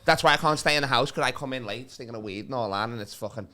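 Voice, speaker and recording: A man's voice: medium pitch, rapid-fire, bright, forceful tone. A young man, a comedy podcast guest telling rambling, sweary stories in casual banter. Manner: sweary, rambling storyteller with frequent laughs. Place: club green room.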